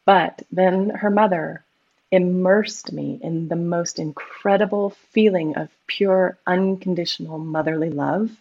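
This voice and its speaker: A middle-aged woman from the United States telling a personal story in a lively, animated way in casual conversation. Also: fairly low pitch, measured pace, vocal fry. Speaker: guest medium and Reiki practitioner. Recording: slightly dull lo-fi audio.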